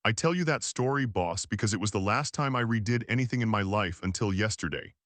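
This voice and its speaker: A man narrating an audiobook in the first person, calm and measured. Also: on the low side, no echo.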